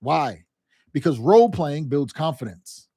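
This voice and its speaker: A male sales coach with a fairly high voice drives his points home, repeating himself and checking in with his listeners. He talks in loose, casual vernacular. The sound is dry and close, with no room echo. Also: animated, unhurried, dark tone, slightly rough. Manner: emphatic, repetitive, direct address with frequent "right?" and "okay?"; acts out quoted phone calls and family scenes in livelier voices. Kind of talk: motivational sales lesson.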